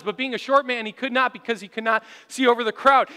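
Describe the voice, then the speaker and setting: A male pastor preaching a sermon in a church, telling stories with animation and rising to shouts for emphasis. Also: very high voice, animated, quick pace, hardly any pauses, smooth. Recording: long hall reverb.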